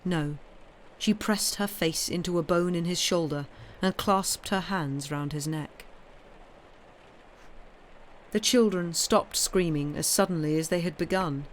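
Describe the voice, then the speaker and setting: Brief: woman storyteller, expressive, steady read-aloud on stream. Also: lowish voice, a little hiss or hum. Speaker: story reader. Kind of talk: reading a story aloud on a livestream.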